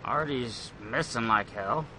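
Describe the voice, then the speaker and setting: A man's voice: mid-range voice, slow pace, background noise. A man hosting a gaming channel, giving loose, rambling gameplay commentary with the odd curse. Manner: rambling, profane, thinks aloud.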